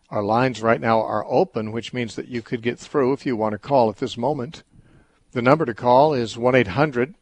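Husky-voiced male radio Bible show host. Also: mid-range voice. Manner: calm, reasoning, explains with everyday examples. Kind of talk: call-in Bible teaching talk.

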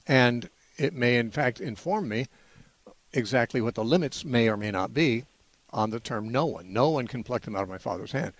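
A man hosting a call-in radio Bible show, explaining in a measured way with frequent "uh" restarts. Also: medium pitch, dry recording. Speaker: radio Bible-answer host.

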